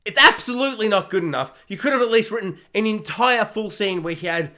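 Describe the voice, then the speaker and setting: Bright, sharp-toned male reviewer, sarcastic rant delivery, lively mock voices. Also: sits high, fast. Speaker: YouTube reviewer. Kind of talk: ranting spoilers review.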